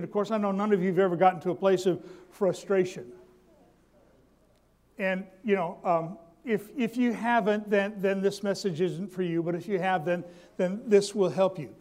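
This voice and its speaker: This man's voice is high and steady, at a normal speed with a somewhat dark tone. Preaching a sermon, he calls to his congregation for responses, stammers through restarts, and repeats his key lines.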